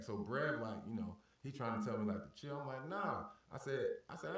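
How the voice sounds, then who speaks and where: A man spins a profane, heated story and bursts into the angry voices of the people in it. He sits well back from the mic, so the sound is roomy and echoey. His pitch stays at an ordinary middle level. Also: expressive, a little fast, hardly any pauses. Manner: heated, cursing, acts out shouted exchanges. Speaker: podcast guest telling a story. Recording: roomy echo, far from the mic.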